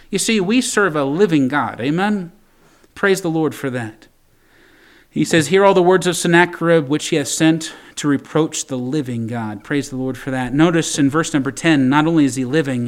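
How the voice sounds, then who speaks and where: Male pastor, somewhat high-pitched, emphatic sermon delivery with drawn-out readings. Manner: emphatic, rising to loud appeals, drawn-out scripture reading. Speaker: preacher.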